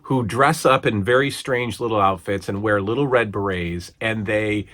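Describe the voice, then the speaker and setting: A man's voice: lowish voice, moderate pace, a bit bright. A man in his forties casually reviewing an old wrestling broadcast, rambling and chatty with lots of fillers and restarts. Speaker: podcast host reviewing old wrestling shows.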